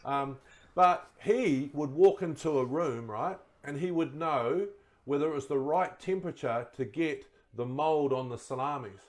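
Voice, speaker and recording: A middle-aged man, a guest telling relaxed stories in casual chat and laughing at his own yarns. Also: fairly high pitch, a little slow. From New Zealand. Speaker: guest, former rugby player.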